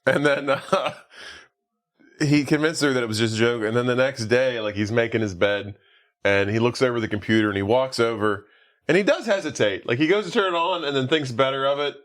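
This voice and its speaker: A man's voice: mid-range voice, a little fast, a bit bright. A man chatting casually on a podcast, retelling a movie plot with lots of fillers and laughter. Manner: rambling, filler-heavy, laughs a lot while retelling scenes. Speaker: podcast co-host. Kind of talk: casual movie recap chat.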